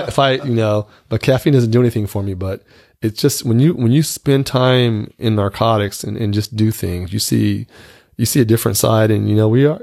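A man's voice: medium pitch, gravelly, darkish tone, no echo, clean studio sound. A man in his fifties talking frankly and earnestly in a casual conversation, often repeating words as he starts a thought.

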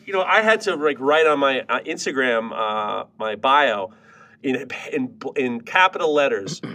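A man's voice: mid-range voice, measured pace. A man from New reading listener gripes on a podcast, ranting and swearing in casual chat. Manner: animated, swears a lot, ranting.

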